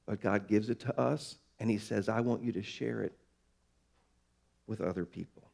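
A man preaching a sermon, slowing down for emphasis and swinging between soft, low lines and louder, higher ones. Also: gravelly. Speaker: pastor.

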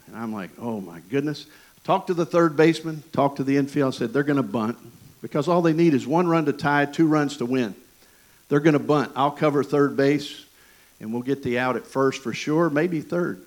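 A man with an East Tennessee Southern accent preaching a sermon, folksy and animated, with jokes and asides to the congregation. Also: mid-range voice, low-quality recording. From Michigan. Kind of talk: sermon with personal stories.

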